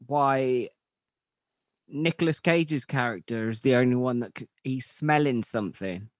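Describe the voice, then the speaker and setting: A man co-hosting a casual podcast, his speech rambling and full of fillers. His voice sits at an ordinary middle pitch. The room is dry and close. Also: unhurried, no echo. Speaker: podcast co-host. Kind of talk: casual chat.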